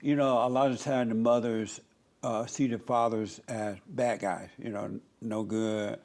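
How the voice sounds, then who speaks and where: A man's voice: fairly low pitch, flat delivery, measured pace, darkish tone. A man hosting an interview, reacting briefly and asking probing questions. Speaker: show host.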